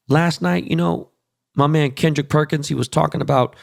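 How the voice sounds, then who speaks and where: A man's voice: on the high side, normal speed, gravelly, no echo, clean studio sound. A man hosting a podcast, ranting casually and profanely about basketball and plugging events. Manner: profane, animated sports rant. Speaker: podcast host.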